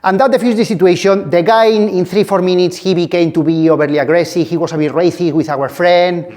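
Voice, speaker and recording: High-voiced man telling a lively story. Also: fast talker, long reverb tail. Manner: animated anecdote-telling, loose grammar. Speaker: self-defence co-host. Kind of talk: storytelling in conversation.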